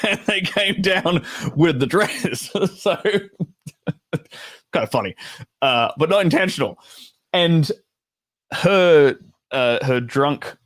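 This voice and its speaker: A man's voice: on the high side, no room sound. A man from Australia with an Australian accent, hosting a casual storytime chat. He talks bluntly, swears freely and drops laughing asides. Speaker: storytelling host.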